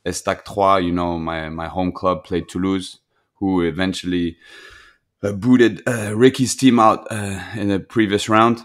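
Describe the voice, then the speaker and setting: A man co-hosting a casual football podcast, relaxed and chatty, dropping British slang. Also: low voice, a little slow. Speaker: podcast co-host. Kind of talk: casual chat.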